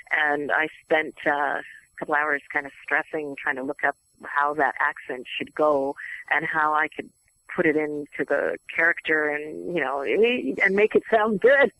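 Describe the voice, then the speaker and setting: A woman voice actress, a guest on an interview show, telling stories in a chatty, animated way and laughing easily. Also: lowish voice, no room sound, low-quality recording. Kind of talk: casual interview storytelling.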